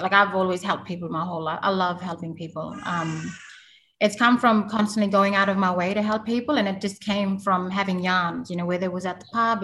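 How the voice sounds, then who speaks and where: A woman from Halls Creek in Western Australia, talking through her experiences as an interview guest in a loose, storytelling way full of "you know". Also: mid-range voice. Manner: yarning, warm-hearted, frequent fillers like "you know". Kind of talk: conversational storytelling.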